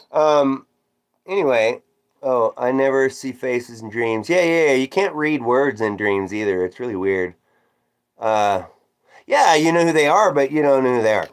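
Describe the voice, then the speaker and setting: Telling a weird dream in a loose, rambling way, this livestreaming man also reads out messages from chat. He has a medium pitch, lifts his voice in lively swoops whenever he quotes himself, and makes fun of himself along the way.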